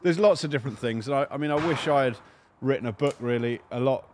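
A man, a shoot host, telling anecdotes in a casual podcast chat, rapid and animated, with lots of "you know". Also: medium pitch, a little hiss or hum. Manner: rapid, animated storyteller with frequent fillers. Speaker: shoot host and business owner, podcast guest.

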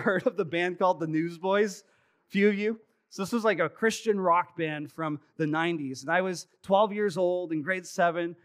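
A man in his thirties, the pastor, gives a sermon to his congregation at a live service in the church sanctuary. His voice sits high with a fairly bright tone, and he spins stories chattily, laced with self-deprecating humor.

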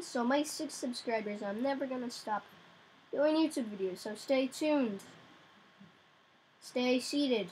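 A young woman giving casual gameplay commentary, excitable, crying out in frustration now and then. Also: sits high, measured pace, long pauses, a little hiss or hum, low-quality recording. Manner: excitable, yelps and cries out in frustration. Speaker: gamer.

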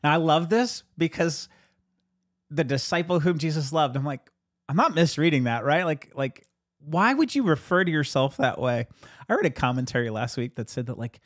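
A pastor chats casually about his sermon, telling it like a lively storyteller who laughs a lot and lifts his voice higher whenever he quotes someone. He speaks at a normal speed, and the studio-quality recording has no echo.

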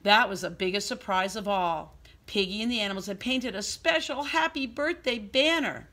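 A woman preschool teacher reading a storybook aloud to young children in an expressive, sing-song way. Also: medium pitch, moderate pace.

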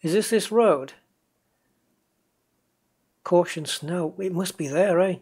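Slow and husky, his darkish voice sits high. He's a gaming channel host whose northeast English accent is faint, offering casual commentary on a truck game while chatting with viewers and himself as he drives.

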